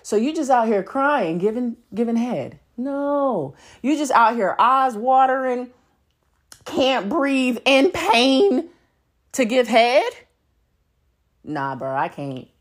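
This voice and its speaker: A woman's voice: on the high side, slow. A woman hosting a casual podcast monologue, blunt and profane, laughing often as she talks. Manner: animated, swooping delivery. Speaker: podcast host.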